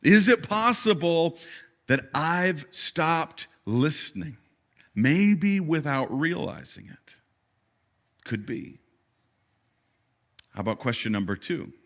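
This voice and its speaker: A man preaching a sermon as a pastor, telling the story with animated energy, dropping to quiet asides and rising to loud, emphatic peaks, often repeating words as he restarts. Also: fairly high pitch, slow pace, pauses often. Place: church service.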